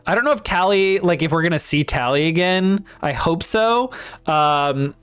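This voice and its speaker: A man's voice: a little high, expressive, normal speed, fairly bright tone, smooth. A man co-hosting a casual book discussion podcast who reads passages aloud and reacts hesitantly, with frequent ums and laughter. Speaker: podcast co-host.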